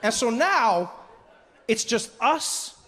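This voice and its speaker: Animated stand-up comedian, high voice. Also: male voice. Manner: animated, quick asides, acts out characters. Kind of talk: stand-up storytelling.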